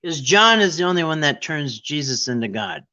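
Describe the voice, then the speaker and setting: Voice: mid-range voice, big pitch swings, moderate pace, bright, forceful tone, muffled recording. A quiz game host in casual, playful chat, with irreverent, sarcastic asides.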